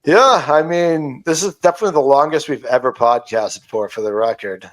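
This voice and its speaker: A podcast host, a man, retelling an online argument in a casual, animated and profane way. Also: a little high, normal speed, reverberant, rough recording. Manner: animated, profane, indignant storytelling.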